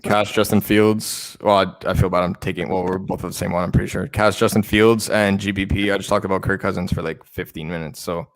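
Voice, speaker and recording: A man co-hosting a fantasy football show in casual chat, excitable and often stumbling and repeating words. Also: low-pitched, fairly quick, few pauses. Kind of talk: casual sports betting chat.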